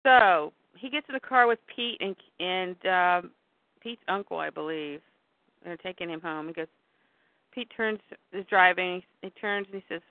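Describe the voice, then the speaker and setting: A woman's voice: medium pitch, moderate pace, no echo. A woman casually recapping an episode of a show and briefly acting out the characters' lines as she goes. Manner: retells scenes, briefly voicing the characters' lines. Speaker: podcast host recapping a show. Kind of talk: casual recap, reading out scenes. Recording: tinny phone-like audio, dry.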